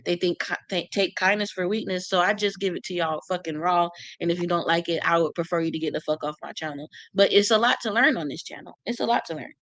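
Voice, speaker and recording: Speaking in AAVE, this woman trash-talks on her own livestream, reading viewer comments and snapping back at them with plenty of cursing. Her voice is lowish and fairly bright, and she talks fast with hardly a pause. The sound is dry and close with no echo, and the whole thing is loose, brash channel chat.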